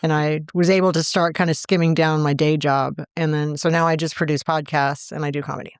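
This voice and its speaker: A woman's voice: sits low, level tone, clear, resonant tone, dry recording, studio quality. Chatty middle-aged woman comedian. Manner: chatty, candid, quick to laugh. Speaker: comedian, podcast guest. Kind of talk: casual interview chat.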